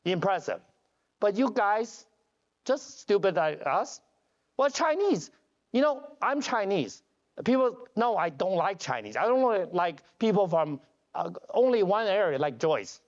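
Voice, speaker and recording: Animated joking man giving a keynote. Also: high voice, measured pace. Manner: animated storytelling with jokes; non-standard grammar, restarts. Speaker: keynote speaker, company CEO. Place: conference hall. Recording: dull lo-fi conference audio.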